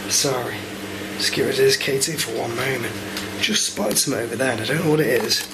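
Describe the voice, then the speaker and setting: A man investigating alone in a pub cellar, calling out to spirits in a coaxing, hushed way while filming himself. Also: mid-range voice, quick pace, heavy background noise. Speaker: paranormal investigator. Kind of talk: solo ghost-hunt narration. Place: pub cellar with beer kegs. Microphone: self-filmed camera mic.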